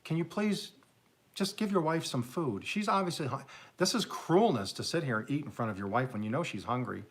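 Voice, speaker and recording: A man voicing an exasperated male restaurant waiter who pleads in a high, strained voice. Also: fairly even intonation, unhurried, fairly bright tone. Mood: exasperated pleading.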